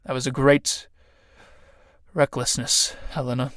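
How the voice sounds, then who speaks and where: A man voicing a stern male factory director who speaks gravely and in measured phrases in a read-aloud play. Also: mid-range voice, level tone, a bit bright, no echo, clean studio sound, lightly acted.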